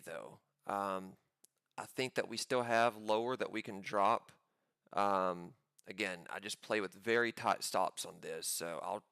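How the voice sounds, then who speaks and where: A man giving live commentary on his own trades, pumped up and talking in quick excited bursts. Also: on the low side, creaky, smooth, dry recording, clean studio sound. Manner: hyped, pumped-up chatter with sudden bursts.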